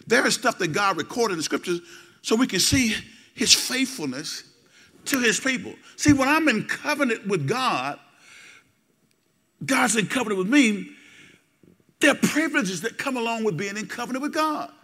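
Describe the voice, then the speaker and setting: A middle-aged male pastor preaching a sermon, repeating phrases and calling for responses, swinging from low asides to loud exhortation. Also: very animated, moderate pace, long pauses. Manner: repetitive, call-and-response preaching.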